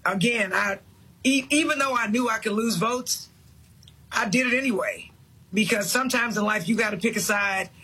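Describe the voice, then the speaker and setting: High, bright, husky-voiced man. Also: normal speed, poor audio. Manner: blunt and insistent. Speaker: political guest. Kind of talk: interview clip.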